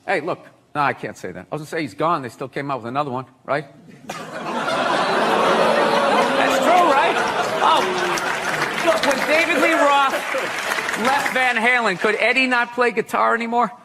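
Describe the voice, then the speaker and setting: A man's voice: very high-pitched, normal speed, long pauses, a loud crowd. A man who is a guest on a talk show, joking bluntly and cursing as he answers questions. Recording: studio audience, noisy broadcast.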